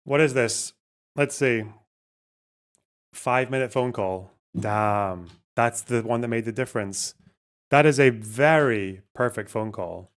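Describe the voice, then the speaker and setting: A man's voice: mid-range voice, measured pace. A man hosting a live stream, talking casually, reacting to chat, and swearing as he goes.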